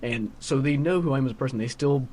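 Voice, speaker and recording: A teenage vlogger rambles through a casual solo monologue, grumbling and stuffing his talk with constant "like." His voice sits at medium pitch, a little mellow, and he speaks at a quick pace.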